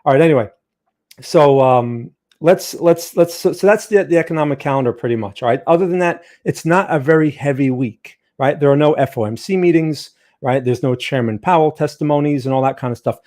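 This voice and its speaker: A man's voice: on the high side, brisk, darkish tone. Chatty man hosting a market livestream. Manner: chatty, joking asides, frequent "right?" and "all right". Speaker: trading livestream host. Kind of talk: casual livestream market commentary.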